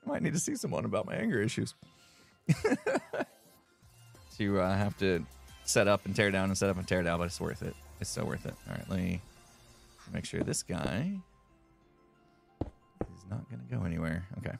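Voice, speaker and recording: A man's voice: sits low, lively intonation, normal speed, creaky, long pauses, soft background music. A man giving playful gameplay commentary, laughing and mock-scolding the villagers in his game. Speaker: Minecraft player.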